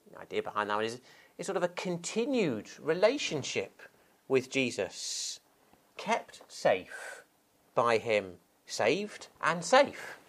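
Expressive male preacher. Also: mid-range voice, slow pace. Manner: expressive delivery, stressing key words. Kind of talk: sermon.

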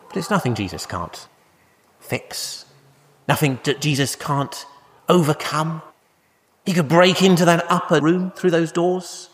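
A man preaching a sermon in a church, slow and emphatic, repeating key words for weight. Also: medium pitch, fairly bright tone, a little hiss or hum. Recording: echoey hall, faint ambience.

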